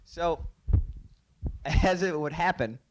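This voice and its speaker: A man's voice: mid-range voice, normal speed, a little hiss or hum. A man, a racing driver, telling an anecdote, laughing often as he goes. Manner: animated, laughs through his story. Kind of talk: storytelling anecdote.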